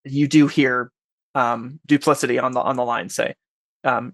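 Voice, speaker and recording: A young man running a tabletop game as game master. He narrates haltingly, with many restarts. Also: mid-range voice, steady tone, dry recording.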